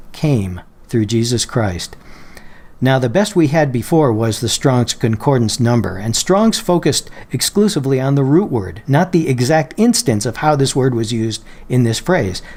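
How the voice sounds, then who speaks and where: A man calmly walking viewers through a software feature in a screen-recorded tutorial, slowing down on quoted phrases and examples. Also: medium pitch. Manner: patient, explanatory, slows down on quoted phrases. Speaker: Bible software tutorial presenter. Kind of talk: screen-share software walkthrough.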